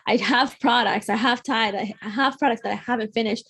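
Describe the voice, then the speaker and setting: A woman's voice: fairly high pitch, fairly even intonation, brisk, fairly bright tone, breathy edge. A woman who founded a shop, speaking as an interview guest and earnestly making her case. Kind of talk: casual interview chat.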